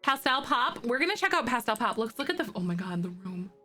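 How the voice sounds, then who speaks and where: A young woman with a somewhat high voice chats casually on a live stream, greeting viewers one by one as she plays. Her manner is bubbly and she squeals when something thrills her. Faint game music sits underneath her voice. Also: big pitch swings, fairly quick, pushed and bright. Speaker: Twitch streamer.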